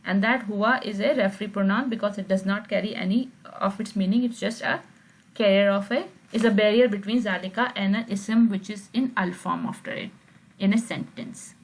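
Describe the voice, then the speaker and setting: A woman's voice: medium pitch, brisk, poor audio. A woman teaching an online grammar class, explaining patiently and often checking with her students. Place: video call.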